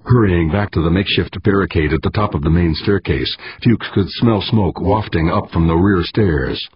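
A man reading an audiobook in steady, measured scripted narration. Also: low-pitched, husky, no echo, lo-fi sound.

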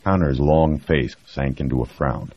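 Very deep, husky male narrator. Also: measured pace, no echo. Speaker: audiobook narrator. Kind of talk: scripted narration. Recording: dry, dull lo-fi recording.

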